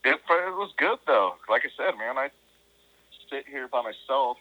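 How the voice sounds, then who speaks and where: A man's voice: medium pitch, expressive, normal speed, bright, forceful tone. A man talking as a podcast guest over a phone call, in rambling casual chat full of restarts and self-mocking laughs.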